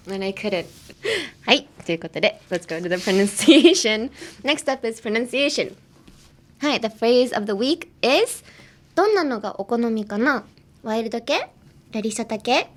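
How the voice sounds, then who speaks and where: A young woman hosting a casual podcast, chatting and teaching English pronunciation, laughing often. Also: medium pitch. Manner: giggly, chatty, lots of "like" and laughter. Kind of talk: casual chat and pronunciation lesson.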